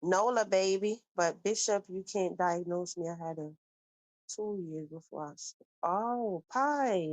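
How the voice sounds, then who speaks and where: A woman hosts a casual livestream, reading comments from chat in a chatty, animated way and calling viewers baby. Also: lowish voice, a little slow, no echo, rough recording.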